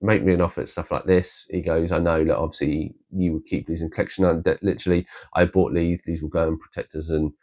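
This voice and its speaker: A man's voice: sits low, little pitch movement, a little fast, a little mellow. A man rambling casually with many restarts, showing off his collection in a vlog. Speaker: collector vlogger.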